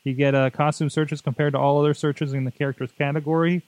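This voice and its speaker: A man with a slightly higher voice co-hosts a tech podcast in relaxed, rambling chat. He talks loosely with plenty of "uh"s and jokes. The recording is dry and close. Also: fast, no echo. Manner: rambling, jokey, many fillers. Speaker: podcast co-host.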